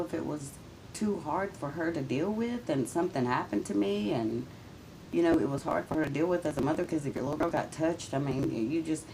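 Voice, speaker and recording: A woman's voice: low-pitched, expressive, brisk, mellow, slight background noise, poor audio. A woman speaking in a raw, emotional confessional monologue, swearing and venting, often talking straight to people who are not there. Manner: addresses absent people directly.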